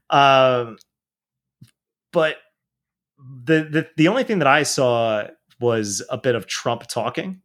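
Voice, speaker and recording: A man's voice: mid-range voice, lively intonation, measured pace, a bit bright. A man talking politics in a casual chat, blunt and profane, rambling with restarts.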